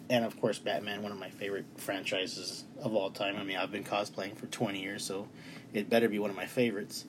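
An enthusiastic man in his thirties gushes about a film he loved in a casual, rambling way, restarting his sentences as his emotion builds. His voice sits fairly low. Faint room ambience hums behind him. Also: background noise. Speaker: movie reviewer. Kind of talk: casual movie review. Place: bedroom.

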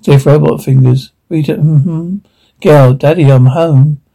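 A man speaking TV drama dialogue in a weary, gruff way, with a gravelly, husky voice. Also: a little high, fairly even intonation, unhurried, warm tone.

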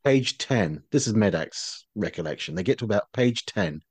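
A man co-hosting a casual chat, retelling a story in a measured way with hesitations. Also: on the low side, lively intonation, husky, no echo. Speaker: podcast co-host.

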